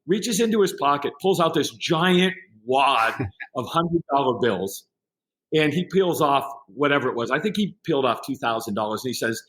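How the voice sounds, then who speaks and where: A man's voice: medium pitch, normal speed. A middle-aged man, a podcast guest, telling a story in casual conversation and acting out the other people in it. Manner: animated anecdote-telling with quoted voices.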